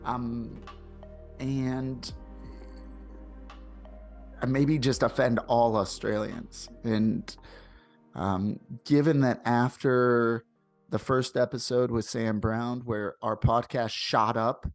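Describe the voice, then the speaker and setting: Halting American man with a gravelly voice. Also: medium pitch, steady tone, faint music behind. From United States. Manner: halting, with many ums and restarts. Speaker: podcast host. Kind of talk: podcast intro monologue.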